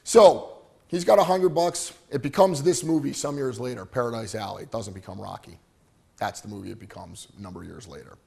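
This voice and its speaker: A middle-aged man giving an animated storytelling presentation to a live audience, often checking in with "right?". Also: mid-range voice, a little fast, creaky, slightly rough. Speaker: motivational speaker.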